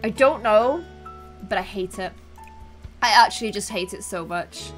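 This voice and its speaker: A woman's voice: mid-range voice, a little slow, soft background music. A woman giving playful, dramatic commentary over a video game and often breaking into laughter. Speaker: gaming video host.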